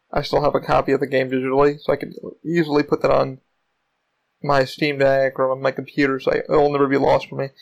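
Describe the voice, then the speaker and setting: A man hosting his own podcast, telling stories in a casual solo monologue, rambling and excitable and swearing often. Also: on the high side, gravelly, rough recording. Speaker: podcast host.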